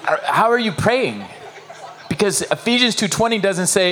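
A male pastor preaches in a fairly high voice. He is emphatic and animated, circling back on his phrases and throwing questions out to his listeners. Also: a little fast. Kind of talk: sermon.

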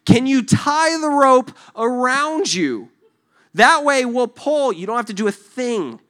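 A man's voice: sits high, a little fast, a bit bright, pitched above the performer's own voice. A man doing eager, coaxing rescuers at a well. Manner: urgent, coaxing.

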